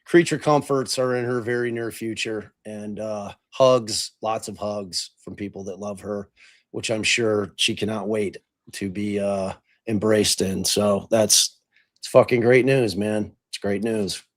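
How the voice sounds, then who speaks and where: A man's voice: on the low side, fairly even intonation, a little slow. A man hosting a podcast in casual chat, rambling with lots of swearing, fillers and restarts. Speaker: podcast host.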